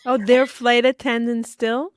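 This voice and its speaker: Smooth-voiced woman podcast host. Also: on the high side, flat delivery, a little slow, no echo, clean studio sound. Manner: explains warmly, acts out quoted prayers. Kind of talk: conversational interview.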